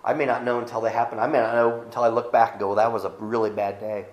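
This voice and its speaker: A man's voice: lowish voice, flat delivery, racing, reverberant, muffled recording. A middle-aged male pastor giving a sermon, reading scripture aloud and speaking conversationally with frequent restarts.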